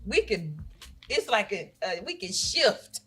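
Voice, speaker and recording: A woman's voice: medium pitch, very animated, slow, a bit bright, slightly rough, soft background music. A woman on a talk show panel, encouraging others in a church-like, exhorting manner. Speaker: panel guest. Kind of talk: preachy encouragement.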